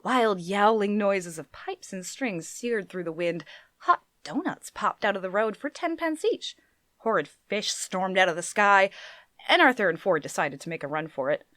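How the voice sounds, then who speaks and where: A woman narrating a book in a live reading, with expressive delivery. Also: medium pitch, normal speed, dry recording. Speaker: reader.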